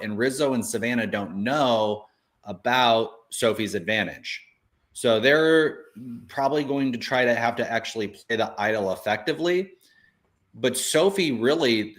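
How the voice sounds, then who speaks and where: Chatty man with animated restarts. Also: mid-range voice. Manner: animated, thinks aloud with many restarts. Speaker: co-host. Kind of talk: casual podcast chat.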